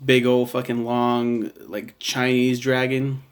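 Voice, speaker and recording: A man's voice: medium pitch, completely flat delivery, slow, clear, resonant tone. A man casually reviewing a film, rambling with many fillers and restarts and swearing now and then.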